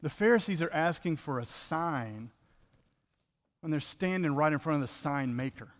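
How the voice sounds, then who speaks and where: Conversational pastor preaching. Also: male voice, a little high, animated, moderate pace, in a large hall. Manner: conversational, rhetorical questions, acted asides. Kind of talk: sermon.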